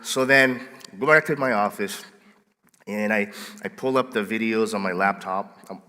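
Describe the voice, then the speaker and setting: A male pastor preaching a sermon, telling stories in a playful, animated way and acting out scenes. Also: lowish voice, moderate pace, big-room sound. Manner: playful, animated storyteller who acts out scenes. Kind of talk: sermon with storytelling. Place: church sanctuary.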